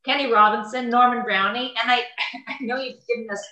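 A woman's voice: on the high side, steady tone, fairly quick, sharp tone, reverberant. A woman hosting an interview show, chatting casually and gushing affectionately at her guest. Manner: effusive and affectionate. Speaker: host.

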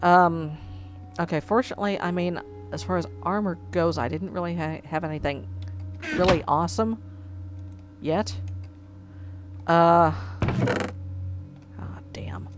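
A woman's voice: fairly low pitch, measured pace, long pauses. A woman playing a computer game and commenting as she goes, getting exasperated and swearing, then trying to keep it clean. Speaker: gamer. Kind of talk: let's play commentary. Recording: music under the voice. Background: background music.

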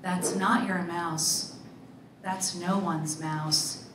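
A woman's voice: medium pitch, fairly even intonation, slow pace, background noise, lightly acted. Woman reading as a wistful, lonely daycare worker. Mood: gentle, slow. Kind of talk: literary reading of dialogue. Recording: roomy, distant mic.

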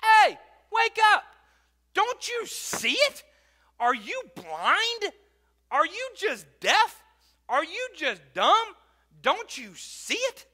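A man's voice: very high-pitched, animated, fast talker, hardly any pauses, pitched above the performer's own voice, exaggerated voice. A man doing a sarcastic, scolding God. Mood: mocking. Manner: mocking, scolding shouts. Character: exasperated sarcastic God, male, loud and demanding.

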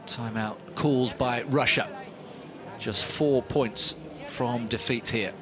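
Guy doing volleyball play-by-play, mid pitch, gets louder on the big rallies. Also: slow, crowd noise. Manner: animated, rising with big points. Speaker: sports commentator. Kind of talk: live play-by-play commentary.

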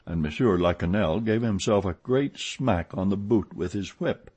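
A man reading a classic novel aloud as an audiobook narrator, in a measured, expressive way. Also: lowish voice. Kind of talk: scripted narration.

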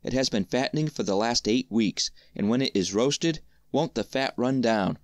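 Man doing a cautious sly country guy, hushed and confiding, dry sound. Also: mid-range voice, normal speed, no echo, lightly acted.

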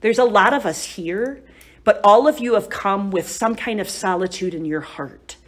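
A woman's voice: medium pitch, moderate pace. A woman giving a live retreat talk to a group, telling stories in a chatty, conversational way and often asking "right?" and "you know?". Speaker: retreat speaker.

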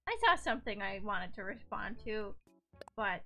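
Giggly, lively-voiced woman streamer. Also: medium pitch, normal speed, soft background music. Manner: giggly, animated. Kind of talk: casual live-stream chat.

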